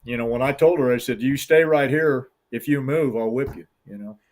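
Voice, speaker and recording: A man's voice: mid-range voice, quick pace, warm tone. A middle-aged man who guides hunts with hounds, telling a long story in an interview in a folksy, rambling way and acting out the voices of the people in it.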